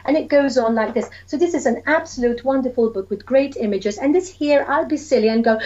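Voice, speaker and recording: A woman's voice: sits high, animated, fairly quick, hardly any pauses, a little mellow, lo-fi sound. A woman early years educator chatting eagerly about reading to young children, acting out story voices and sounds.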